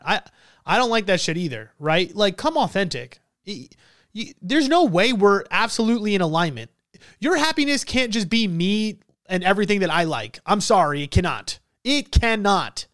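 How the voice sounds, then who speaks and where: A man's voice: high voice, fairly bright tone, no echo, clean studio sound. A young man hosting a casual podcast, reacting to listener comments with profane, emphatic talk. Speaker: podcast host.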